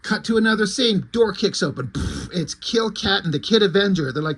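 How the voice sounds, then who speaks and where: A man's voice: sits high, lively intonation, a little fast, few pauses, a bit bright. A man casually recapping a comic book issue in a loose, chatty way with plenty of fillers.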